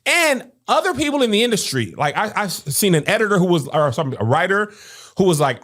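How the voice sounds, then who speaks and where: A woman's voice: on the low side, big pitch swings, a little fast, fairly bright tone. A woman podcast host in casual discussion, arguing her points with rhetorical questions. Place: podcast studio.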